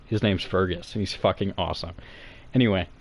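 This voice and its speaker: A young man telling a comic story to friends in a rambling, profane, excitable way. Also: low voice, brisk.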